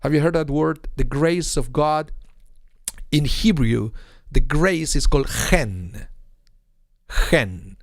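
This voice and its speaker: Male rabbi, online Torah class; gravelly, slightly high voice, lively and questioning; dry close sound. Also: takes it slowly, no echo. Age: adult with a young son. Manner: animated, explains with rhetorical questions and acted-out quotes. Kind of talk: informal online Torah lesson.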